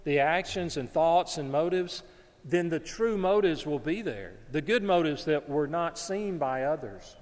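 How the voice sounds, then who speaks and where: A man's voice: a little high, lively intonation, measured pace, darkish tone, big-room sound. A man from North Alabama, preaching a sermon in an earnest manner and often repeating words as he searches for them.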